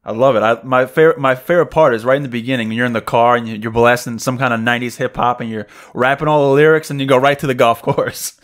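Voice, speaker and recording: Male co-host, quick and enthusiastic, casual chat. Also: mid-range voice, fairly even intonation. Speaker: podcast co-host.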